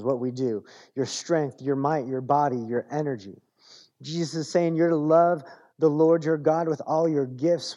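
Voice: medium pitch, mellow. A pastor preaching a sermon, building long rhythmic lists, asking rhetorical questions and reading scripture aloud.

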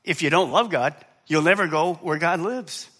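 Speaking at a normal speed, a middle-aged man preaches as a pastor. His delivery alternates between hushed, low remarks and booming, high passages, and he asks his listeners questions only to answer them on his own.

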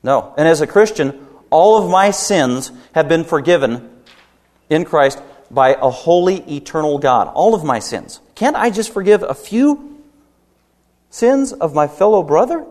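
A man preaching a sermon as pastor, emphatic, rising to loud peaks and dropping low, with rhetorical questions to the congregation. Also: animated, a little slow. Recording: long hall reverb.

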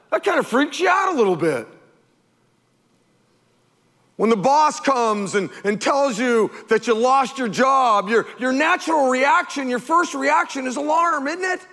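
Animated high-voiced man preaching in a hall. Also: unhurried. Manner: animated, emphatic, full of rhetorical questions. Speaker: pastor. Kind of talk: sermon.

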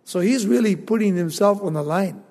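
A man preaching a Bible sermon as an animated storyteller who acts out the quotes. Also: high-pitched, moderate pace, vocal fry, long reverb tail. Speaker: pastor.

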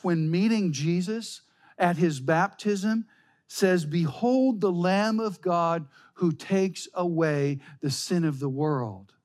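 Slow, emphatic male preacher. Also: high voice. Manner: slow, emphatic preaching, reading scripture aloud. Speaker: pastor. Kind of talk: sermon.

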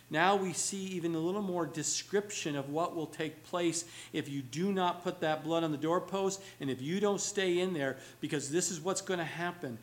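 A man's voice: on the high side, moderate pace. A man preaching a sermon as pastor, earnest and building to emphatic exhortation, now and then mimicking children's questions. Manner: acts out children's whiny questions.

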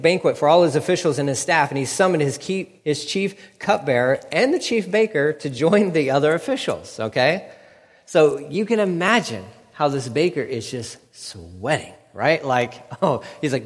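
A man delivers a sermon in a lively, animated way, acting out the people in the story with quick asides. His voice is of middle pitch. It rings out with the long reverb of a large hall. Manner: animated, acts out biblical figures with quick quips. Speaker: pastor.

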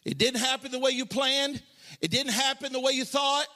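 A male pastor preaching a sermon with a passionate, colloquial delivery, dropping into quiet asides and joking with the congregation, then rising into shouted, sung-out lines. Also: very high voice, steady tone, moderate pace, big-room sound. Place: church sanctuary.

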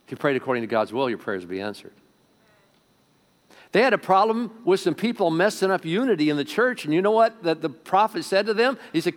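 A man preaching a sermon to a congregation as pastor, swinging between loud emphatic lines and quiet asides, often asking the room questions. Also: on the high side, big pitch swings, moderate pace, long pauses. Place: church sanctuary before a congregation.

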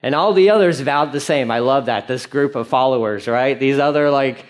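A male pastor preaching a sermon in an animated, conversational way, with frequent fillers. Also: mid-range voice, moderate pace.

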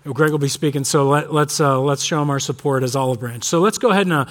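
A male pastor giving a conversational sermon that mixes prayer with personal stories, often pausing on fillers. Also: a little high. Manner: conversational, frequent fillers and restarts. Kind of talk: sermon with storytelling.

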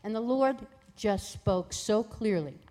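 Woman, guest, personal testimony, lively storytelling, mid pitch. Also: slow pace. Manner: lively, acts out voices in quoted dialogue.

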